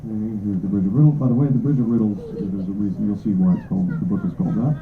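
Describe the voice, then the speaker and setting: A man's voice: lowish voice, rapid-fire. A man, an author at a bookstore signing, chatting casually and self-deprecatingly to an audience. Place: bookstore event room. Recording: echoey, tinny phone-like audio with faint noise.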